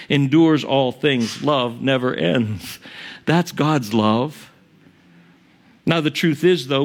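A man, the pastor, preaching a sermon in a conversational way, asking the congregation questions and joking, rising high on key points and dropping low for asides.

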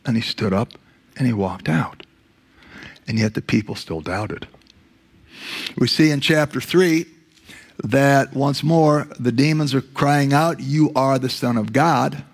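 A male pastor with a gravelly, slightly husky voice preaches a sermon, retelling scripture stories. He acts out the quoted lines by dropping his voice low and slows right down to stress his key words.

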